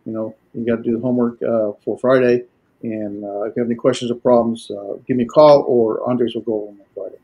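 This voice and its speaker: Husky man teaching in halting lecture. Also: medium pitch, steady tone, muffled recording. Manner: halting, many filler pauses. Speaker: Greek teacher. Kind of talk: classroom lecture.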